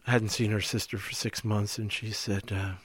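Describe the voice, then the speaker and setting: A middle-aged man co-hosting a relaxed talk, a therapist speaking reflectively and acting out the lines he quotes. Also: fairly low pitch, normal speed, husky, dry recording. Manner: reflective, animated, acts out quoted speech. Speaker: podcast co-host, therapist. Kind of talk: casual conversation.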